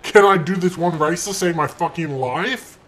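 This gaming channel host is a young man with a slightly high voice and a moderate pace, playing a game at home into a desk mic. His profane commentary is full of crude, sarcastic trash talk at other drivers, punctuated by sudden loud outbursts and shouting.

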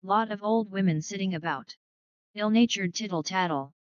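A woman voicing a gruff, clipped older retired colonel in a dry, dull recording. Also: medium pitch, normal speed, no echo, lightly acted. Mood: grumbling.

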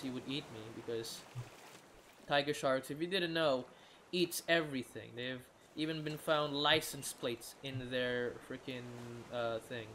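A man's voice: mid-range voice, fairly even intonation, moderate pace, fairly bright tone, a little hiss or hum. A tired man giving rambling gameplay commentary, often restarting his sentences and swearing casually. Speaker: gamer.

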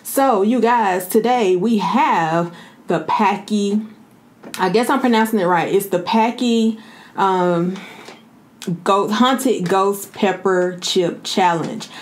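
A woman's voice: medium pitch, slow pace. Woman, vlog host, casual chat to camera, informal, playful, mid-range voice. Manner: chatty, informal, often addresses viewers as y'all. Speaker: vlogger host.

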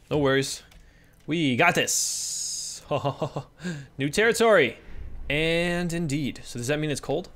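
A young man giving casual let's-play commentary, swinging between excited yelps and hushed murmurs, swearing casually and coaxing his in-game kids along. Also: a little high, normal speed.

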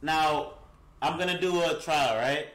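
A young man chatting casually while streaming a game, his voice sitting a little high for a man. He is easygoing and repeats lines to calm his friends. The sound carries a roomy echo. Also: unhurried. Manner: laid-back, repeats himself, tells friends to relax. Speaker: livestream host. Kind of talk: casual gaming stream chat.

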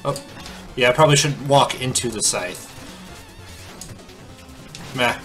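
Bright, playful man commenting on gameplay. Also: mid-range voice, slow, faint music behind. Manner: playful, chatty, reacts aloud. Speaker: let's play host.

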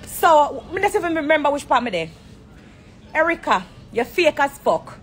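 High-voiced Jamaican woman ranting. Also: big pitch swings, normal speed, slight background noise. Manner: heated and confrontational. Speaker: live streamer. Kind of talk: ranting live stream. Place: airport corner.

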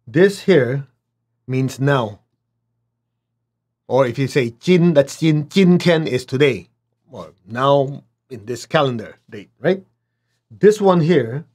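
A man teaching a spiritual lesson, who often checks in with his listeners and acts out little dialogues with big swings in pitch. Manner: asks listeners to check in, "okay?", "make sense?".

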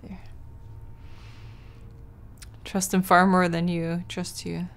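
A woman's voice: lowish voice, monotone, takes it slowly, clean tone. A young woman streamer casually commenting on a video game, swearing and reading text aloud. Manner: chatty, swears, reads on-screen text aloud. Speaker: gaming streamer. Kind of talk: casual let's-play commentary.

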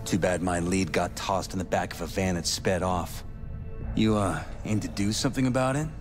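An actor playing a cool, calculating male agent in a video game, speaking in a measured, dry way. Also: low voice, over music, close to an everyday voice.

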